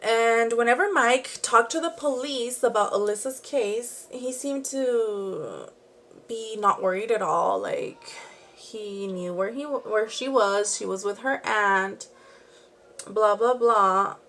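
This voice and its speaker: A young woman speaks slowly in a fairly high, fairly bright voice. Working on her makeup at home, this beauty and true crime vlogger rambles through a true crime story, dropping "like" often and going off on asides.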